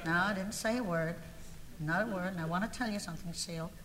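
A woman's voice: on the low side, a little fast, in a large hall, a loud crowd, very noisy. A woman performing a comic monologue to a live audience, confiding and aggrieved, building to indignant outbursts. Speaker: comic storyteller.

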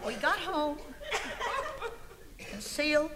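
A woman's voice: medium pitch, sing-song, moderate pace, pushed and bright, long reverb tail, a little hiss or hum. A woman performing a comic monologue to a live audience, confiding and aggrieved, building to indignant outbursts. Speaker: comic storyteller.

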